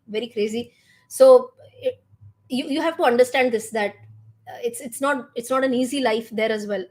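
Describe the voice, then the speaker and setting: Middle-aged Indian-accented woman, finance livestream host; animated, talks to her viewers directly, fairly high voice. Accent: Indian English. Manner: animated, mixes in Hindi words, quizzes viewers. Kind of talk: live market commentary.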